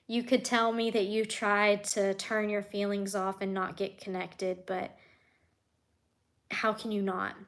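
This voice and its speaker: A woman, an animal keeper chatting casually on a live stream and reading comments, heartfelt and soft-spoken, often sinking to a near whisper. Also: mid-range voice, vocal fry.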